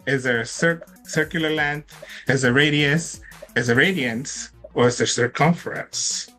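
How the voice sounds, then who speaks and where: A man's voice: a little high, measured pace, sharp tone, soft background music. Upbeat man hosting a trivia quiz. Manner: upbeat and chatty, laughing often. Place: online event with participants in chat.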